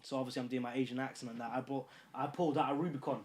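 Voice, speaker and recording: Fast-talking Northern English man. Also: medium pitch, fairly even intonation, a little hiss or hum. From Lincolnshire, England. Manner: rambling, filler-heavy, repeats "you know what I mean". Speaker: podcast guest. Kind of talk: casual podcast chat.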